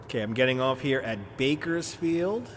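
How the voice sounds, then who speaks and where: A man's voice: mid-range voice, lively intonation, moderate pace. Joking man streaming over engine hum. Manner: joking, laughs often, self-mocking asides. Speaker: live streamer. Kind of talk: casual chat while playing a driving game.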